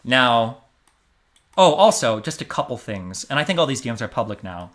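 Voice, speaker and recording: A man in his thirties from the United States, a streamer giving blunt, emphatic commentary on a livestream, dropping to muttered asides between loud stressed points. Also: mid-range voice, sing-song, moderate pace. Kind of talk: livestream commentary reading a court transcript.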